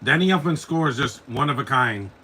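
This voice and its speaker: Talking over a film for his live commentary podcast, the host, a man in his forties, has a bright, forceful voice at middle pitch. He speaks briskly with lively intonation, opinionated and blunt, hopping between gripes amid slight background noise.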